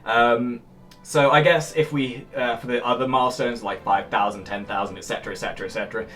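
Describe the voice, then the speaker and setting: A man's voice: mid-range voice, fairly quick, soft background music. A young man from England with an upper-class sounding English accent, chatting casually and jokily as a YouTuber answering viewer comments. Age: young adult. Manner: animated and jokey, with bursts of loud shouting. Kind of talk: casual vlog chat.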